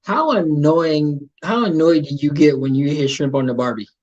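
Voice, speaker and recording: A man's voice: fairly high pitch, moderate pace, a little mellow, highs cut off. A man hosting a casual interview show, playful and joking, often repeating his words. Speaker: host.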